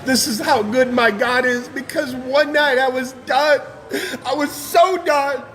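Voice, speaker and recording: A man's voice: very high voice, unhurried, fairly bright tone. A man giving an impassioned personal testimony as a guest speaker, fervent and emotional, with casual slang.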